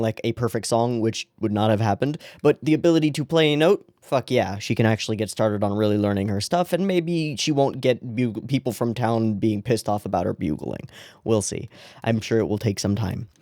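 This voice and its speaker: A man's voice: medium pitch, a little fast, darkish tone, no echo, clean studio sound. A man hosting an anime reaction show in casual chat. He rambles off on tangents, swears freely and laughs at his own jokes.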